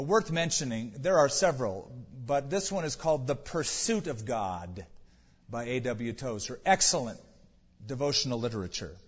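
A man's voice: mid-range voice, breathy edge, big-room sound, dull audio. A man, a pastor, preaching an earnest, conversational sermon.

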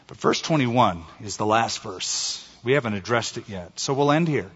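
A man preaching a sermon as pastor, earnest and expressive. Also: medium pitch, normal speed, few pauses, husky. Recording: long hall reverb, dull lo-fi sound.

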